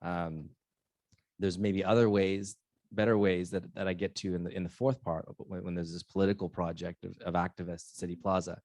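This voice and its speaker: A man's voice: low voice, little pitch movement, a little fast, darkish tone, dry recording, studio quality. A man, an author and journalist, answering questions at a live library event, speaking reflectively with frequent restarts and fillers.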